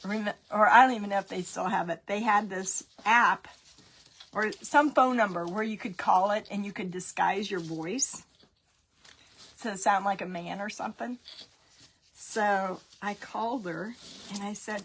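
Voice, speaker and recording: A woman's voice: mid-range voice, fairly even intonation, normal speed, creaky, breathy edge. A middle-aged woman telling casual stories while she paints, chatty and laughing at her own pranks. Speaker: crafting tutorial host.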